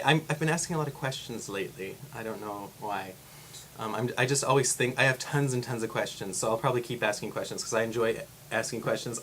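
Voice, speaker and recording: Young man, casual vlog talk, rambling, laughs a lot, mid pitch, faint noise behind. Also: fairly bright tone. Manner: rambling and chatty, laughs often, acts out quotes. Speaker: vlogger. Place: home room indoors. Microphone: camera facing speaker.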